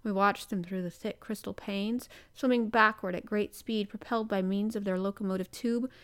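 A woman reading a classic adventure novel aloud in a measured, careful way, with the odd small slip. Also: mid-range voice, fairly even intonation, fairly bright tone, clear, resonant tone. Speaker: reader.

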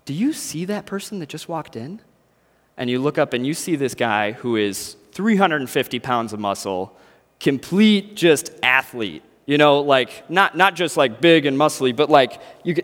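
A man gives a laid-back, storytelling sermon, his voice sitting a little high. Long reverb from a large hall hangs on each phrase. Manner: casual, storytelling, animated impressions. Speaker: preacher.

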